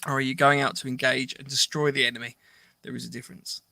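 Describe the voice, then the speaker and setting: A man's voice: mid-range voice, flat delivery, fast, creaky, bright, forceful tone, no room sound. A man co-hosting a podcast, chatting casually and reading listener comments aloud, laughing easily. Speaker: podcast co-host.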